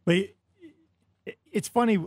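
A man, a sports journalist guest in a radio studio, telling lively anecdotes and acting out the voices in them. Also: normal speed, no room sound. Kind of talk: animated in-studio storytelling.

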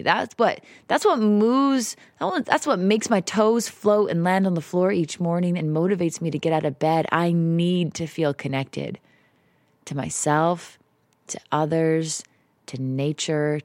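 A woman's voice: low voice, dry recording. A woman hosting an unscripted solo podcast from a house in the woods, talking in a confessional, emotional and self-mocking way with some swearing. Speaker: podcast host. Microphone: home setup, popping p's.

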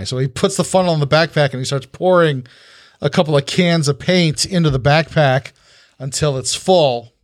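A man's voice: fairly high pitch, normal speed, no echo, clean studio sound. A man narrating as game master, rambling with many fillers and restarts.

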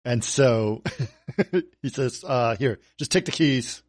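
A man's voice: slow, no echo, clean studio sound. A man co-hosting a podcast who retells film scenes, quoting the characters' lines as he goes. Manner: retells scenes with quoted lines, expressive pitch. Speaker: podcast co-host. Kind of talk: casual film discussion.

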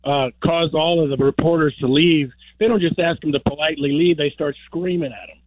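A man's voice: a little high, steady tone, brisk, no echo. Gripey male caller on a tinny phone line. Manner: irritated, griping. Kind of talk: call-in radio talk.

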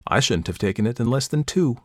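A man's voice: medium pitch, expressive, quick pace, darkish tone, dry recording, studio quality, voice pushed up, natural voice. A man reading aloud, voicing a jealous, proud elder sister with a cold, clipped manner. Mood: accusing.

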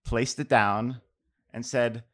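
A man's voice: mid-range voice, slow pace. A middle-aged man from New York, a poet telling a casual anecdote with fillers and restarts, then reading his poems aloud. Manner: relaxed, self-deprecating, many fillers and restarts.

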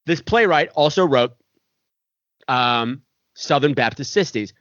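A man's voice: medium pitch, lively intonation, slow, fairly bright tone, dry recording, highs cut off. A tipsy man co-hosting a casual movie-review chat, chatty and campy. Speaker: podcast co-host.

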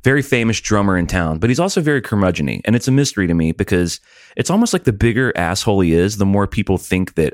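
Animated lower-voiced man telling stories. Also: fast talker, no echo, clean studio sound. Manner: animated storyteller, mimics others in exaggerated voices; swears freely. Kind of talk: casual chat.

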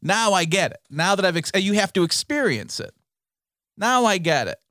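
A man's voice: sits high, very animated, normal speed, bright, forceful tone, no echo, studio quality. Enthusiastic man co-hosting a podcast. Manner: enthusiastic, chatty, laughs often. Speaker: podcast co-host. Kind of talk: casual chat.

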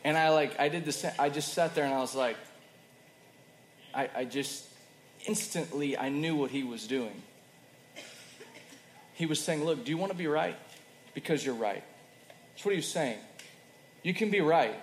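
A man preaching a sermon in a conversational way, moving between loud emphasis and soft, quiet passages. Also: fairly high pitch, normal speed, pauses often, slight background noise. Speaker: pastor. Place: church hall. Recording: roomy hall with faint ambience.

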